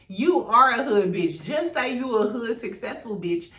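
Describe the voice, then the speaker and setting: A woman's voice: high voice, lively intonation, unhurried, sharp tone, recorded from a distance. A woman hosting casual reality TV gossip commentary in a sassy, profane way, laughing often. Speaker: host. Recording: roomy echo, off-mic.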